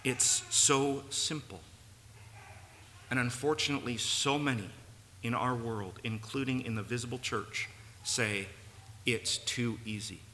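In a church sanctuary, a pastor preaches an earnest sermon at a measured pace, his mid-range voice bright and forceful as it builds to emphatic peaks. Long reverb and faint room noise are audible.

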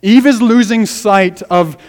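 A man's voice: high voice, takes it slowly. A man preaching an expository sermon as pastor, earnest and emphatic, repeating key phrases for weight. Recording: long hall reverb.

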